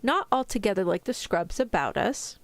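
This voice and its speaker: A woman voicing a fussy, scheming middle-aged country wife in a put-on British accent, coaxing and insistent, during a soft-spoken ASMR reading. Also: medium pitch, sing-song, moderate pace, no room sound.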